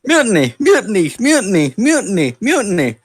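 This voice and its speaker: A man's voice: high voice, wildly swooping pitch, fairly quick, husky. A young man on a voice chat call, improvising a playful comic song. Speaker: friend on the call.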